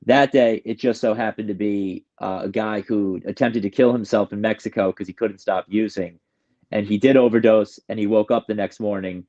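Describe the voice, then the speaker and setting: This man from New York, a guest recounting his recovery, has a fairly low, warm voice with fairly even intonation and normal speed. He rambles with candor and emotion, often beginning sentences again, and the audio's highs are cut off.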